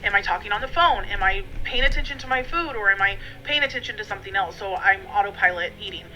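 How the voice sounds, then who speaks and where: A woman's voice: mid-range voice, animated, quick pace, bright, forceful tone, faint music behind, low-quality recording. A woman vlogging from her dining room at home, talking in a rambling, friendly way with many fillers. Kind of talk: casual chatty vlog.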